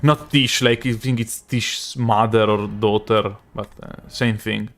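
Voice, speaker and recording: A man's voice: fairly low pitch, steady tone, a little slow, a bit bright. Italian-accented man streaming a game. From Italy. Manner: rambling, self-correcting, chatty with chat. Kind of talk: live gameplay commentary.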